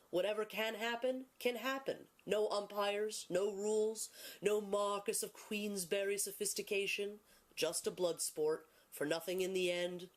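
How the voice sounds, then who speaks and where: A woman giving dramatic scripted film narration in a grave, solemn, deliberate manner. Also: fairly low pitch.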